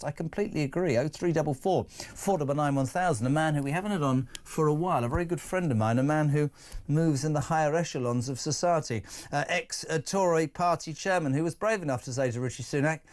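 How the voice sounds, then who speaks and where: Animated talk radio host in his sixties. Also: a little high, quick pace. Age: 60s. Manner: animated, incredulous, emphatic ranting with sarcastic asides. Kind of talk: live talk radio presenting. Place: broadcast studio.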